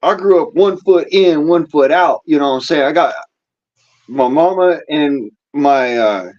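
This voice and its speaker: A man with a mix of Southern country and Los Angeles accent, talking in a rambling, animated casual chat. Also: a little high, unhurried. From California, with Southern family. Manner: rambling, animated, puts on voices to imitate others. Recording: lo-fi audio.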